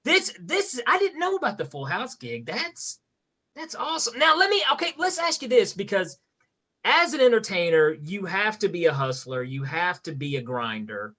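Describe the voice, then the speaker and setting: A male podcast host in casual conversation, his voice bright and a touch high. He talks hesitantly, circling back with fillers and restarts as he finds his words. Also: very animated, normal speed.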